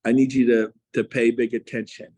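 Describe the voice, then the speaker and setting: Husky, fired-up motivational speaker man. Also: medium pitch, level tone, fairly quick, warm tone. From Texas. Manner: emphatic and fired up, with rhetorical questions. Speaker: real estate coach speaking to agents. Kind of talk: motivational speech.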